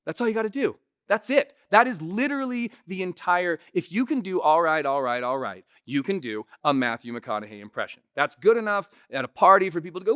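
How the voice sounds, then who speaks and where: A man's voice: on the high side, expressive, fairly quick, fairly bright tone, clean tone, no room sound, studio quality. A man who is a comedian and impressionist, giving a casual tutorial and often tagging his points with "right?". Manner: chatty, keeps adding "right?" to check in.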